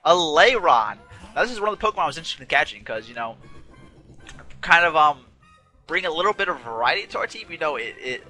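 Bright-voiced man rambling through a game. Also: fairly high pitch, sing-song, fast. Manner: rambling, self-correcting, chatty. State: yawning, a bit tired. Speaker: let's play host. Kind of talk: casual gameplay commentary. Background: game music.

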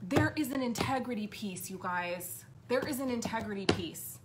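Fiery, blunt, high-voiced woman. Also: lively intonation, normal speed, heavy background noise. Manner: blunt, heavy swearing, emphatic repetition. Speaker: podcast host. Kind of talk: impassioned unscripted monologue.

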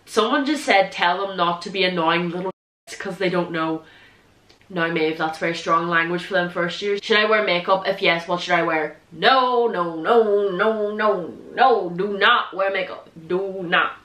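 A woman's voice: fairly low pitch, a bit bright, reverberant. A teenage girl with an Irish accent from Donegal, chatting jokily to camera in her bedroom. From Ireland. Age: teens. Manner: chatty, jokey, quick to laugh. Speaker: vlogger. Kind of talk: casual chat to camera.

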